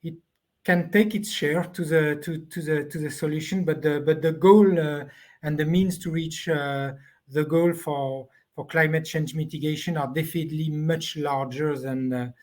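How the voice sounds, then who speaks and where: A man speaking as a panelist on an online discussion, halting and searching for his words over a video call. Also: fairly high pitch, fairly even intonation, a little mellow.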